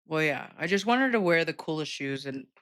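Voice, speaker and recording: A woman's voice: low voice, lively intonation, a little fast, no room sound, studio quality. A young adult woman co-hosting a podcast, chatting casually with a breezy, joking manner. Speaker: podcast co-host. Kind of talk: casual chat.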